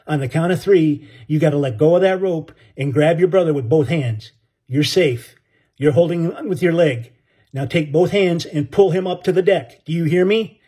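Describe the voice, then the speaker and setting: A man voicing a badly burned male sailor who gives gruff, croaking commands and urges on a younger man. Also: on the high side, normal speed, warm tone. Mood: commanding.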